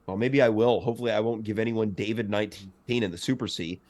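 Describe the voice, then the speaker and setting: A man's voice: lowish voice, fairly even intonation, quick pace, darkish tone. A man co-hosting a casual chat, joking and teasing his co-host. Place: home.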